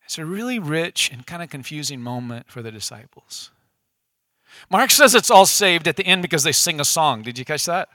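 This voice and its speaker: A male pastor preaching in a relaxed, conversational way. He often checks in with his audience through quick questions. His voice is bright and fairly high, and it sounds close and dry. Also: dry recording. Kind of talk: casual sermon. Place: church room with an audience.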